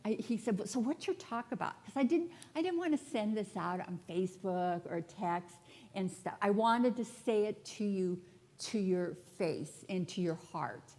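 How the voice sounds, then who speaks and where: A woman spiritual director speaks at a normal pace in an expressive, mellow, mid-range voice. Before a congregation in a church sanctuary, she delivers a personal sermon, telling her story in a candid, talkative style with moments of humor.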